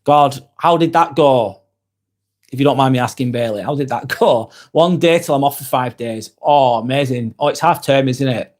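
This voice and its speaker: A British man with a medium-pitched voice, speaking at normal speed, hosts a live stream. He reads viewer comments aloud and answers them softly and sympathetically, with light laughs.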